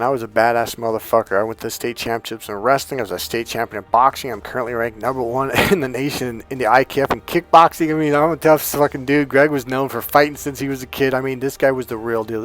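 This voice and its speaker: A man's voice: mid-range voice, fast talker, hardly any pauses. A man telling a personal story in casual, profane speech, often acting out what others said. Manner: profane, animated, quoting others in voices.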